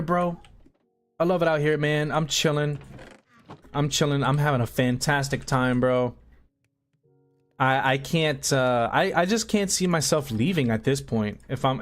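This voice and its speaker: A man live-streaming a game, chatting loosely with viewers in slang-filled, rambling talk. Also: medium pitch. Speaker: gaming streamer. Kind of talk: casual live-stream chat while playing. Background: soft background music.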